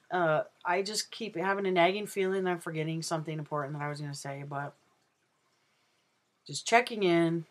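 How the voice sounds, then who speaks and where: A man's voice: a little high, fairly bright tone. A trans man talking casually in a personal video diary, rambling and candid with plenty of ums and uhs. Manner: rambling and unhurried, with many ums. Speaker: vlogger.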